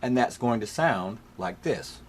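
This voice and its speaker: Slow, patient male music teacher. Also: medium pitch, expressive. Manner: slow, patient step-by-step explaining. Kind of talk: piano lesson explanation. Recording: faint piano playing behind.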